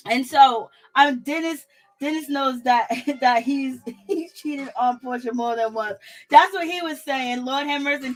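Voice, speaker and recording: A woman hosts a casual reality-TV review, talking in a loose, gossipy way and laughing often. Her voice sits high. She keeps her tone animated and chatty throughout. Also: measured pace. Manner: animated, gossipy, laughs often, African American Vernacular phrasing. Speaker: reality TV reviewer and channel host. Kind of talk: casual commentary, live-chat shoutouts.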